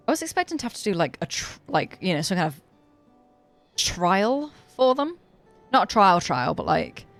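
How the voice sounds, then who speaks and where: A woman's voice: mid-range voice, big pitch swings, normal speed, faint music behind. A woman with a British accent streaming a game, reading the characters' dialogue aloud with playful asides and laughing often. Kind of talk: live gameplay commentary, reading dialogue aloud.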